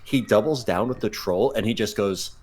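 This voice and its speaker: A young man co-hosting a podcast, an animated storyteller with crude jokes. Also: fairly low pitch, normal speed, breathy edge. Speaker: podcast co-host. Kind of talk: casual chat.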